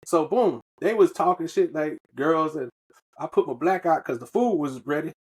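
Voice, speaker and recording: A podcast co-host from the Southern United States, this man has a slightly high, somewhat mellow, slightly rough voice at a moderate pace. He tells a loose, profane story in casual slang.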